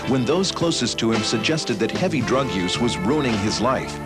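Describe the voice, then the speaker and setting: A man reading a scripted documentary narration in a measured, dramatic way. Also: medium pitch, lively intonation. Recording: loud music bed behind voice. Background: loud music.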